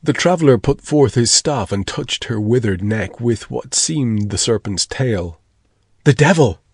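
A man reads a story aloud with a deliberate storytelling delivery. His voice sits at an average pitch in a dry, close recording. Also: breathy edge, dry recording. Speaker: narrator. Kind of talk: scripted narration.

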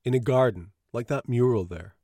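A man's voice: medium pitch, dark tone, no room sound, studio quality, voice pushed up, natural voice. A man voicing an older male doctor who lectures in a composed, persuasive way. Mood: lecturing. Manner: lecturing, brisk and emphatic.

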